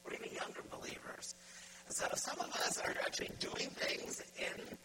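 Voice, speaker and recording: A man preaching a sermon as pastor, putting direct, repeated questions to his congregation. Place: church. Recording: loud background noise.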